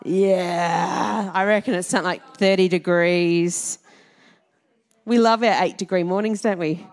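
A woman's voice: lowish voice, fairly even intonation, moderate pace. A middle-aged Australian woman minister giving a chatty church talk, quizzing the congregation and laughing often. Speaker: Salvation Army minister.

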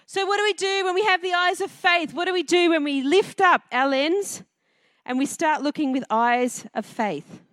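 A woman preaching a sermon to a congregation, lively and conversational, often putting questions to her listeners. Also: extremely high pitch, normal speed, dry recording, studio quality. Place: church before a congregation.

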